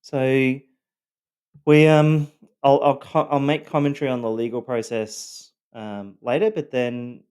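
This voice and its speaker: A man telling his own story of family abuse in a halting, blunt way, full of fillers and the odd swear word. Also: mid-range voice, steady tone, a little mellow, smooth. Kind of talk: personal storytelling to camera.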